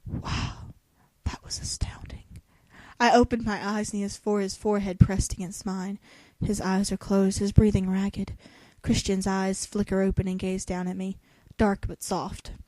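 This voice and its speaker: A woman's voice: mid-range voice, flat delivery, moderate pace, hardly any pauses, warm tone, no echo. A young woman reading a novel aloud in a dramatic voice, breaking off for sarcastic jokes. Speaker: reader.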